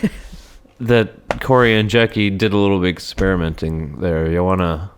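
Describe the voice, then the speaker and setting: A man's voice: low voice, level tone, normal speed, clear, resonant tone. A man hosting a podcast in casual chat, steering the talk and laughing often. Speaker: podcast host.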